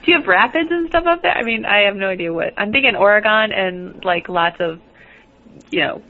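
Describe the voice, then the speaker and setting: A woman's voice: mid-range voice, very animated, fairly quick, phone-quality sound. A woman with a Midwestern accent, co-hosting a podcast with playful, giggly casual chat. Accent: Midwestern American. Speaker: podcast co-host.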